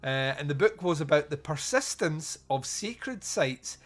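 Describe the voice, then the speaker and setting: Man doing a sarcastic visiting author, overly polite, slightly raised pitch. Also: lively intonation, measured pace, a bit bright. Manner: politely sarcastic, mock-formal.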